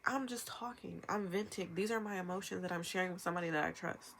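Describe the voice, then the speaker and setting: A woman's voice: fairly low pitch, creaky, slight background noise. Emphatic young woman ranting on camera. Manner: emphatic, rapid-fire, animated with imitated quotes. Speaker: vlogger. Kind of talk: ranting commentary.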